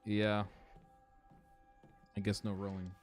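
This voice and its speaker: A man's voice: lowish voice, completely flat delivery, slow, soft background music. A young man streaming a horror game, chatting casually, swearing and answering his chat. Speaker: gaming streamer. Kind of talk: casual let's-play commentary.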